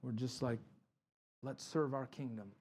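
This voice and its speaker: A man's voice: mid-range voice, a little slow, a little hiss or hum. A middle-aged man, a pastor, giving a conversational sermon and acting out the people in his stories. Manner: animated storytelling, acts out quotes.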